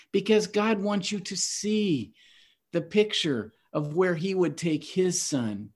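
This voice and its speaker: A man's voice: high-pitched, slow pace, husky. A man hosting a Bible teaching podcast, earnest and emphatic in a preacherly way. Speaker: host.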